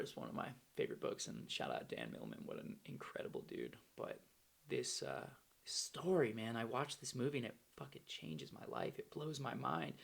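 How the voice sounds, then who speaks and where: Man, gravelly fry in the voice, candid slangy first-person storytelling. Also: mid-range voice. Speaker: storyteller recounting his recovery.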